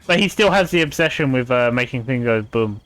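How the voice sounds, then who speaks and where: A man's voice: mid-range voice, lively intonation, brisk, fairly bright tone, faint music behind. A young man streaming a video game, chatting casually in a rambling way and laughing often. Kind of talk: casual gameplay commentary.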